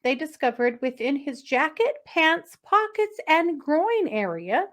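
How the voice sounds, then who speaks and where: Brief: woman podcast co-host, playful, giggly storyteller, fairly high voice. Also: sing-song, a little slow. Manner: playful storyteller, lots of uh and mm-hmm, giggles through odd news. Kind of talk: casual true crime chat.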